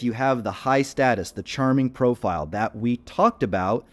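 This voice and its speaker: A man's voice: medium pitch, moderate pace. A man giving a screen-share tutorial as a dating coach, casual and full of fillers while he clicks through screens.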